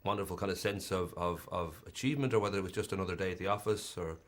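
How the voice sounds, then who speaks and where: A male film interviewer rattles off long, winding questions at a very fast clip. His voice sits fairly low, and his questions are packed with fillers and restarts. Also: steady tone.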